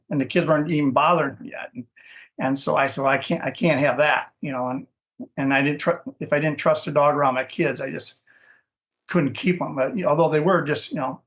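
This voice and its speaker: A middle-aged man, a dog breeder, telling his story as a podcast guest in a rambling way, often restarting sentences and adding "you know". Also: fairly high pitch. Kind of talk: casual interview storytelling.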